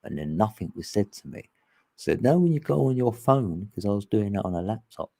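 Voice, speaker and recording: A man's voice: on the low side, expressive, brisk, vocal fry, dark tone. A man hosting an online group chat, rambling casually and laughing often.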